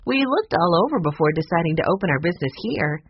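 A narrator voicing a cheerful young woman, a balloonist, in a storybook reading, in a bright, bouncy manner. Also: mid-range voice, big pitch swings, quick pace, breathy edge, muffled recording. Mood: upbeat.

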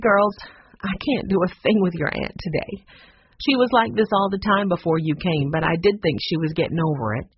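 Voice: mid-range voice, moderate pace, muffled recording, slight background noise, close to an everyday voice. A narrator voicing Maggie, a worried, fussing housekeeper woman, pleading and exasperated, in a read-aloud storybook.

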